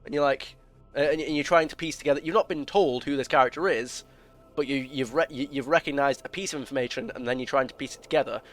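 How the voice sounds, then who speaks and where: A man's voice: medium pitch, fast, soft background music. A man giving casual gameplay commentary, rambling and opinionated, full of restarts and filler words. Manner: opinionated, explains at length. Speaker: gaming video creator.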